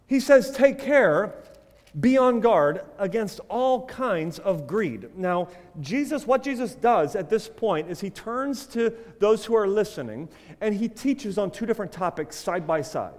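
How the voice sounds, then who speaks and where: A man preaching a sermon as pastor, swinging from loud emphasis to quiet asides and telling a joke story. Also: high voice, sing-song, measured pace, in a large hall. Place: church sanctuary.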